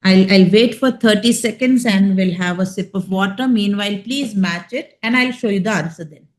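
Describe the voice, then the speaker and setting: A woman with an Indian English accent giving a chemistry lecture, explaining slowly and checking in with her students. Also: medium pitch. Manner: slow, emphatic explaining with frequent check-ins. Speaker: chemistry teacher. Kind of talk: classroom lecture.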